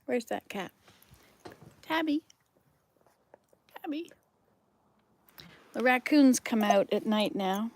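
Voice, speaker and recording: An older woman chatting casually as a vlog host, soft-spoken and easygoing. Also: unhurried, pauses often. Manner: chatty, soft-spoken, calls to cats in a high sing-song. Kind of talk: casual live chat.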